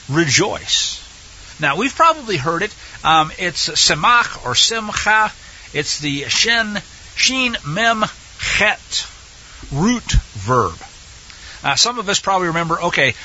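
Male Torah teacher, animated delivery, reads scripture with emphasis, light hiss behind. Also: a little high, muffled recording. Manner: emphatic reading of scripture with Hebrew terms, lively explanation.

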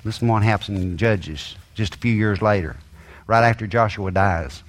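A man's voice: lowish voice, moderate pace. A man preaching a sermon with an emphatic, rising and falling cadence and folksy grammar.

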